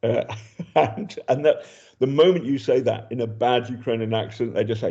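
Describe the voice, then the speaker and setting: Older british man, war reporter, mellow low voice, muffled lo-fi line. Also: moderate pace, gravelly. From Britain. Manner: chatty, hesitant, many ums and restarts. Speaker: journalist reporting from a war zone. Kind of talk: casual spoken report.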